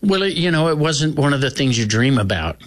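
A man, a singer appearing as a guest, chatting in an interview with dry, self-mocking humor and many halting restarts. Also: a little high, sing-song, no echo. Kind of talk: casual interview chat.

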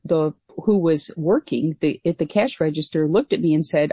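Woman, 60s, interview guest, earnest storyteller, mellow tone, dry sound. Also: sits low, moderate pace, breathy edge, no room sound. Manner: earnest, conversational, frequent "you know". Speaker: guest, former pilot.

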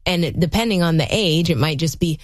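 A woman's voice: deep voice, brisk, no echo, studio quality. A woman and mother, co-hosting a podcast, who tells stories and acts out the voices in them. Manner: warm storyteller, acts out voices. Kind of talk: casual podcast chat.

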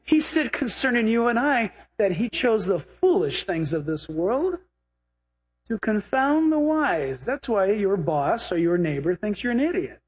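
A male pastor preaching a sermon, animated and humorous, slipping into acted quotes. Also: high voice, measured pace, breathy edge. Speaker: pastor and Bible teacher.

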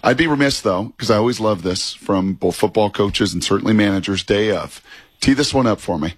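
A husky-voiced male co-host speaks emphatically, piling up phrases for effect. The sound is dry and close, with no room echo. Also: fairly low pitch, a little fast. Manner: emphatic, builds lists and repeats for effect. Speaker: radio co-host, former ballplayer. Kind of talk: sports radio talk.

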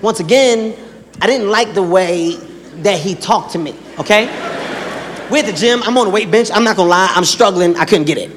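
A man performing a stand-up comedy routine, telling stories with lively acted-out quotes. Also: high voice, normal speed, noisy background. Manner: animated storytelling with acted-out quotes. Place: large live venue with audience. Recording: live hall with faint ambience.

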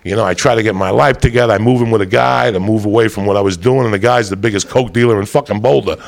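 A man's voice: fairly low pitch, fast talker, vocal fry. A man telling a rowdy comic story with heavy swearing and bursts of laughter. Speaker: comedian storyteller. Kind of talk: profane comic storytelling monologue.

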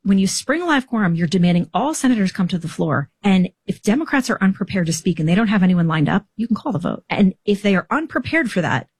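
A woman interviewed as a political strategist, explaining tactics in a brisk, breezy, matter-of-fact way. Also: medium pitch, sing-song, darkish tone, breathy edge, dry recording.

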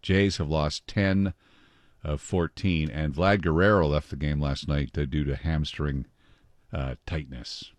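A man hosts a morning radio show in a very low voice. He chats in a loose, rambling way and reads out weather and news items. His voice is close-miked and dry. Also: fairly even intonation, a little slow, no echo. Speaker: radio host. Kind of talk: casual morning radio chat.

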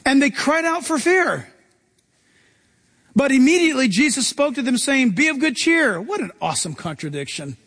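A man preaching with a very high voice, reading scripture and breaking into playful acted-out lines. His voice carries a long reverb, as in a large hall. He swings from soft, low asides to bright, excited bursts. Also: normal speed. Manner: animated preacher, acts out Bible voices with big pitch jumps. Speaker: pastor. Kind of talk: sermon.

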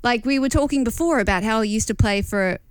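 Chatty female radio co-host, higher voice. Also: fast talker, clear, resonant tone, no room sound. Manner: chatty, animated, laughs easily. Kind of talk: casual radio banter. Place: radio studio. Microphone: studio mic.

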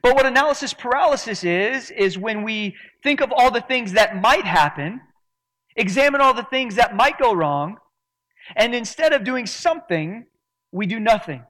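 A man's voice: very high-pitched, expressive, moderate pace, fairly bright tone. A man preaching a sermon to his church in an earnest, emphatic way. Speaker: pastor.

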